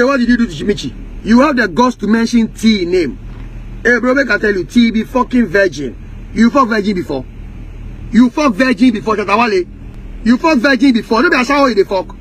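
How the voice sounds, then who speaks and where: A man with a strikingly high voice and a Ghanaian Pidgin English accent lets loose in a heated rant. He curses freely and hammers the same accusations again and again. A faint hum of noise sits under his voice. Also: rough recording. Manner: heated, profane, repetitive accusations. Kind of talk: angry rant.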